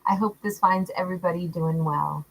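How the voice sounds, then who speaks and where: A woman hosting a livestream, greeting viewers by name in a warm, affectionate, chatty way and laughing often. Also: fairly low pitch, brisk, vocal fry, poor audio. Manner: warm, affectionate, calls viewers love and honey. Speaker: tarot livestream host. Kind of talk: casual livestream chat reading out viewer comments.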